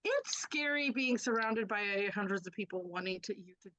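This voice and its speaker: A woman playing in a tabletop game, describing her character's moves in a hesitant, halting way. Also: mid-range voice, expressive, fairly bright tone, no echo, poor audio. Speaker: player. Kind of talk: tabletop role-play.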